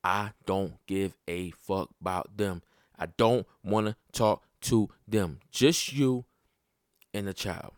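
A man telling a personal story about his child in a blunt, profane, casual way. His voice climbs high and loud when he gets worked up. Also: slow pace, dry recording, studio quality.

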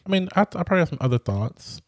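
A man co-hosting a podcast in casual chat, animated with dramatic storytelling. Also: on the high side, very fast, no room sound, clean studio sound. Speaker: podcast co-host.

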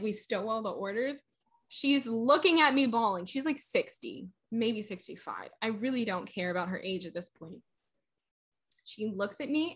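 A woman's voice: on the high side, fairly bright tone. A young woman in casual chat, animatedly retelling a story and acting out the quotes.

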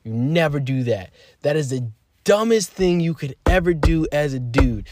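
A man in his twenties telling his own story on a podcast in a rambling, candid way, swearing freely and swinging from quiet to emphatic. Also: a little high, lively intonation, normal speed, slight background noise. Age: 20s. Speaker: podcast host. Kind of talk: casual personal storytelling.

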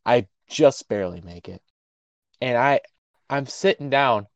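Animated young man telling a story. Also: mid-range voice, a little slow, no echo. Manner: animated storyteller, acts out voices. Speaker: podcast co-host. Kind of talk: casual chat.

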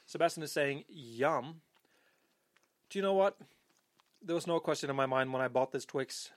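A man's voice: a little high, moderate pace, no room sound. A man hosting a podcast, chatting casually in a playful, teasing way. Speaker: podcast host.

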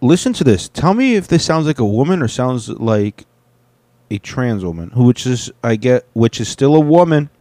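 A man's voice: mid-range voice, sing-song, moderate pace, warm tone, dry recording. Rambling, profane man reacting to clips. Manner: rambling, profane, self-correcting. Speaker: host reacting to video clips. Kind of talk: casual reaction commentary.

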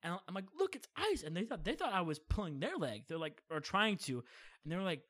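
A young man telling funny family stories in casual chat, animated and often acting out what people said. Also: fairly high pitch, fast talker. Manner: animated, acts out quoted voices, laughs often.

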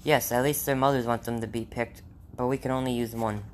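A man's voice: medium pitch, fairly even intonation, fairly quick, slight background noise, close to an everyday voice. A man reading aloud, voicing a friendly, chatty female office receptionist.

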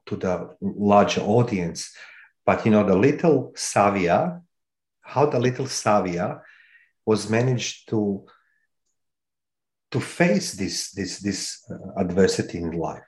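A man hosting an interview who asks long questions haltingly, stopping often to search for his words. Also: fairly low pitch, a little mellow, echoey room. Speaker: host.

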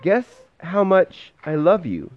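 Man reading an eager little hare child: earnest, pitched up, swooping storybook delivery, slightly dull home sound. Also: slow pace, heavily acted. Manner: excited, earnest, higher than the reader's voice. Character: small eager young male hare, sleepy child.

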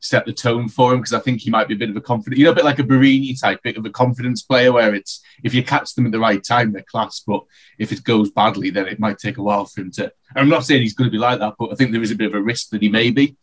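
Quick-talking man in football chat. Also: fairly low pitch, fairly even intonation. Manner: quick, rambling, many restarts. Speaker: podcast co-host. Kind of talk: casual football podcast chat.

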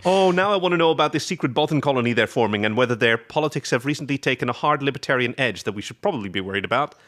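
A man's voice: mid-range voice, expressive, very fast, fairly bright tone, dry recording, clean studio sound. A man co-hosting a casual podcast, joking around and spinning playful tangents. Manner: playful, spins jokey tangents. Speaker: podcast co-host. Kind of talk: casual chat.

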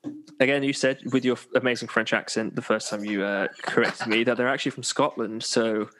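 A man's voice: medium pitch, fairly even intonation, brisk, fairly bright tone, slight background noise. A young man from Birmingham hosting a podcast, chatting in a jokey, self-deprecating way. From Birmingham, England. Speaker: podcast host. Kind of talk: casual chat.

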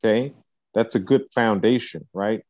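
Man, life coach, encouraging, preacher-like, low pitch, dry close sound. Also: normal speed, darkish tone, dry recording. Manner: encouraging, preacher-like, peppers talk with "right?". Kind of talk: coaching session interview.

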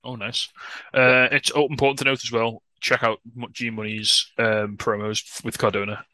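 A man co-hosting a podcast, chatting casually and excitably, swearing and laughing often. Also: medium pitch, normal speed, no room sound. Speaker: podcast co-host. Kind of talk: casual wrestling podcast chat.

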